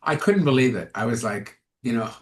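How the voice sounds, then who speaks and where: A man, an actor and comedian, chatting as an interview guest and telling animated stories in which he acts out other people's lines. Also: mid-range voice, fairly quick. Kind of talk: casual interview storytelling.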